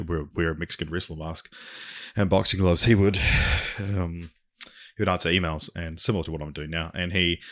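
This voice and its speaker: A man's voice: low-pitched, vocal fry, fairly bright tone. A man hosting a podcast alone, chatting casually in a rambling, swearing manner. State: briefly out of breath. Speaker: podcast host. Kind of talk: casual solo podcast chat.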